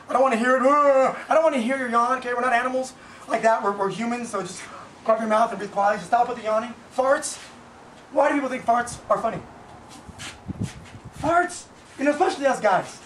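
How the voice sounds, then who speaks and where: Fast-talking man ranting in an echoey room. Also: extremely high pitch, a bit bright, recorded from a distance, a little hiss or hum. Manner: blunt, profane, repetitive venting. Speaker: vlogger, business owner. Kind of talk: casual ranting monologue. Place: Boise, Idaho.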